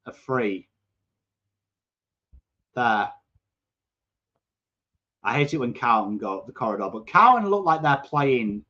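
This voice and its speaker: English man hosting a live sports watchalong: coarse voice, fairly high, excitable, swears a lot, dull lo-fi audio. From England. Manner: chatty, excitable, swears, bursts into shouts at play. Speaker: watchalong host. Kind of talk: live football watchalong chat, reading viewer comments.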